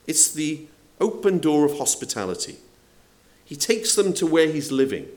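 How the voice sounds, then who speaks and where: A man preaching to his congregation, his pitch rising and falling animatedly. He talks in a conversational way, throwing out rhetorical questions and acting out the quotes he tells. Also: very animated, moderate pace, darkish tone. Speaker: pastor. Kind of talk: sermon.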